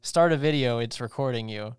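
Young man, smooth voice, rambling podcast chat. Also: medium pitch, brisk, dry recording, clean studio sound. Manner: rambling, joking, many restarts. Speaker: podcast co-host. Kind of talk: casual chat.

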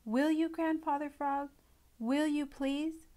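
Storybook part: a squeaky-high, breathless little boy mouse, eager and very polite, as a woman reads him. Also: fairly even intonation, slow, dark tone. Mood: pleading. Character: small eager polite young male meadow mouse.

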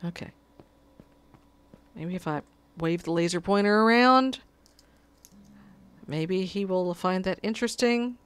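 A woman's voice: medium pitch, a little slow, pauses often, clean tone. A woman giving casual gameplay commentary, muttering to herself and pleading with her cat at her desk. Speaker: gamer.

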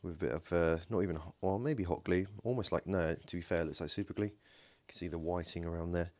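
A fast-talking man with a low pitch and darkish tone hosts a DIY electronics video in his home workshop. He jokes and thinks aloud while taking apart a battery pack, and his casual, hands-on narration is full of ums and self-corrections.

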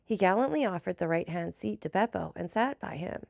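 A woman narrating a classic novel as an audiobook in an even storytelling delivery. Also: fairly low pitch, fairly quick, creaky, dry recording, clean studio sound.

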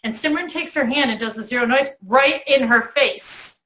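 A middle-aged woman hosting a talk, telling a lively story to a child in a bedroom. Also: high voice, moderate pace, roomy sound. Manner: animated storyteller, acts out voices in quotes. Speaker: host. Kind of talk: warm storytelling to a child on video.

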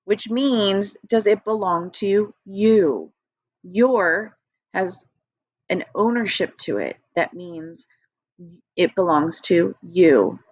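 A slow, patient woman teaching young children, spelling words letter by letter in an encouraging tone. Her voice is dry and close, with a slightly dull, lo-fi sound. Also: mid-range voice, expressive, no echo. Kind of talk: recorded early-grade phonics lesson. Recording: dry, dull lo-fi home recording.

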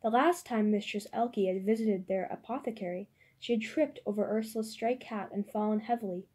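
Woman audiobook narrator, measured delivery, mellow dark tone. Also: mid-range voice, husky. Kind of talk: audiobook reading.

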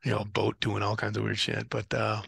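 Adult man, gravelly and bright. Animated podcast guest recounting sea adventures. Dry recording. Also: lowish voice, normal speed, no echo. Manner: animated storyteller, acts out radio calls. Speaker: guest, ocean rower and former Marine officer. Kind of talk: casual storytelling interview.

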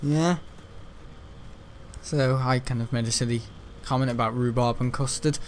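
A man's voice: medium pitch, steady tone, normal speed, a little hiss or hum. A man giving casual, rambling gameplay commentary, joking and laughing often. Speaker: gaming channel host.

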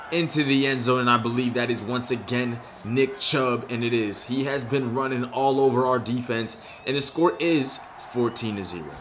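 A young man giving casual, slangy commentary on his own video game play, excitable and frustrated. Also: medium pitch, slight background noise. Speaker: gaming YouTuber.

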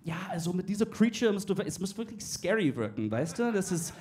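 A man's voice: high-pitched, very animated, fast, mellow. A man mimicking a fussy German film boss who rambles and mixes English words into his German. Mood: earnest rambling.

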